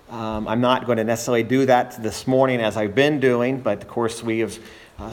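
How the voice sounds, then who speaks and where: A man preaching a sermon as pastor in a church, earnest, building emphasis and often restarting his phrases. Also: medium pitch.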